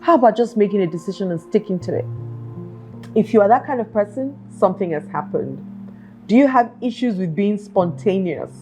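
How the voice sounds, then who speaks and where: A woman's voice: mid-range voice, expressive, a little fast, warm tone, soft background music. A woman hosting a self-help talk show, earnestly asking her listeners one rhetorical question after another. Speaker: podcast host.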